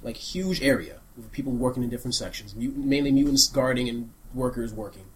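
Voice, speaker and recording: A man's voice: mid-range voice, expressive, a little fast, slight background noise, low-quality recording. A man running a tabletop game as game master, rambling loosely with lots of fillers.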